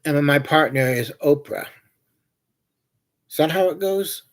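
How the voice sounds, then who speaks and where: A man's voice: on the high side, a little slow. A man hosting a livestream, chatting casually and telling meandering, joking anecdotes. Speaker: livestream host. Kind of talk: casual rambling chat.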